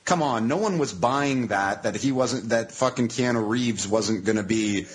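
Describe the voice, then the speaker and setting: A man's voice: mid-range voice, unhurried. A man co-hosting a podcast, mocking a movie sarcastically and swearing. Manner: sarcastic, swearing, exasperated mockery. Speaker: podcast co-host. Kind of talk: casual profane movie chat.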